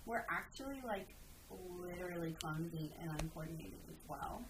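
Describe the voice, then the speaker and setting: A woman co-hosts a casual podcast, chiming in with chatty remarks. Her voice sits a little low, and steady noise runs clearly behind her. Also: moderate pace. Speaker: podcast co-host. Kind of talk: casual chat.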